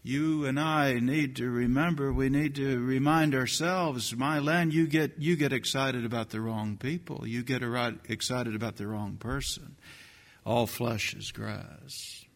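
An older man preaching a sermon, swinging from hushed, slow lines to loud, shouted ones. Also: mid-range voice, steady tone, long reverb tail.

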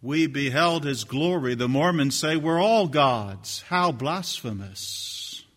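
An older man preaching a sermon, swinging from hushed, slow lines to loud, shouted ones. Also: a little high, lively intonation, long reverb tail.

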